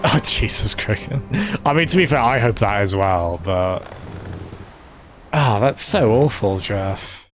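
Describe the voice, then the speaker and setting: A man's voice: lowish voice, expressive, takes it slowly, a bit bright. A man giving live commentary on a game, chatting with viewers and laughing often. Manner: chatty, laughs often, talks to chat by name. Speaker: game streamer.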